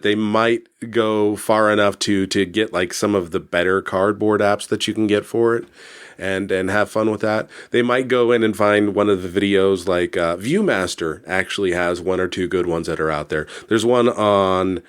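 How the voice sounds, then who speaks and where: A man's voice: fairly low pitch, smooth. A man co-hosting a podcast, talking casually in a rambling way with lots of fillers and restarts. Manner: rambling, filler-heavy, easygoing. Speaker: podcast co-host. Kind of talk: casual chat.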